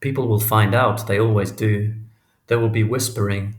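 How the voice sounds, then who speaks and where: This is scripted narration of a literary novel, read by a man whose voice sits fairly low. As an audiobook narrator, he keeps his delivery even and unhurried. The recording carries a spacious, echoing room sound.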